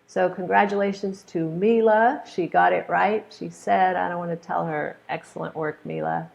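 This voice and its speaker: An American woman teaching pronunciation in an online webinar, modeling phrases slowly and deliberately and encouraging her students. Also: mid-range voice, vocal fry.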